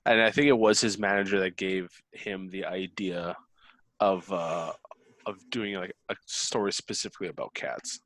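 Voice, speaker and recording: Low-voiced man chatting loosely. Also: steady tone, moderate pace, fairly bright tone, no room sound. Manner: rambling, many fillers. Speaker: book club member. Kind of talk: casual chat.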